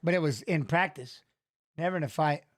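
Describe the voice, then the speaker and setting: A middle-aged former fighter, speaking a little fast with a fairly high pitch, joins a casual fight watch-along as guest commentator. He tells loose, rambling stories, often restarting.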